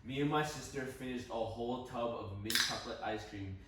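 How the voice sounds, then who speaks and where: A young man in casual podcast chat, telling stories in an animated way, swearing and laughing. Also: mid-range voice, fairly quick, heavy reverb, far from the mic, heavy background noise. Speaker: podcast co-host.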